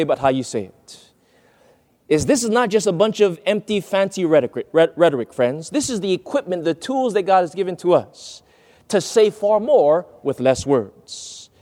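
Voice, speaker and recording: A man's voice: high-pitched, a little mellow, long reverb tail. A man giving a sermon-style lesson on speaking, stressing key words and calling his listeners friends. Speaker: preacher teaching on speech. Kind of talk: sermon lecture with quoted readings.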